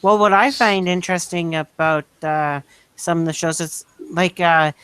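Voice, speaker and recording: A man's voice: on the high side, fairly even intonation, normal speed, fairly bright tone, smooth, no echo. Man from canada, dry close sound, wry casual chat. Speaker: podcast co-host.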